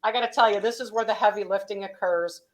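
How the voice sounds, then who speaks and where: In a business webinar interview, a female company vice president explains practical steps in a chatty, advising way, with lots of "you know" and "um". Her mid-range voice holds a steady tone and moves a little fast, though the audio is poor.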